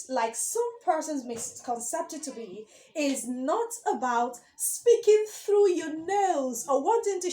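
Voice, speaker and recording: A woman's voice: high-pitched, dark tone, reverberant. A woman giving a speech coaching lesson to camera, emphatic, repeating key words and asking rhetorical questions.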